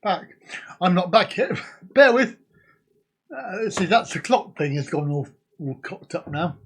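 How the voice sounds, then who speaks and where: A man's voice: sits high, animated, measured pace, fairly bright tone, slightly rough. A man hosting a casual live stream, rambling and joking as he chats to his viewers. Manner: jokey, rambling, sings and laughs along.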